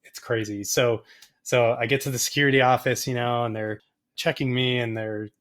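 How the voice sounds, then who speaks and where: A man guest telling a rambling, animated story in a casual interview, often acting out the voices of people he quotes. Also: mid-range voice, moderate pace. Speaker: photographer and podcast guest.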